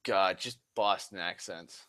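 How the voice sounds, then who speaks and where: A man's voice: low voice, takes it slowly, sharp tone, dry recording. A man from Massachusetts rambling casually on a stream, profane and self-mocking, a little tipsy on whiskey. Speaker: livestream host.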